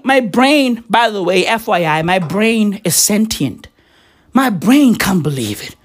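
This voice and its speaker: A man rambles through a casual, profane rant in a strikingly high voice that swoops all over the place. He talks at an unhurried pace, then flares up into excited shouts. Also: slightly rough.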